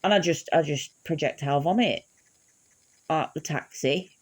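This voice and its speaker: Low-voiced woman telling a story. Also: moderate pace, husky. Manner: swears freely, laughs through the story. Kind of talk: casual anecdote.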